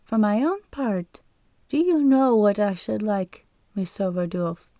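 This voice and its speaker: A woman reading an audiobook, voicing a shrill, argumentative middle-aged male clerk who talks in a squeaky falsetto and rants insistently. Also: lively intonation, a little slow, warm tone, no room sound, close to an everyday voice. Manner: ranting, insistent.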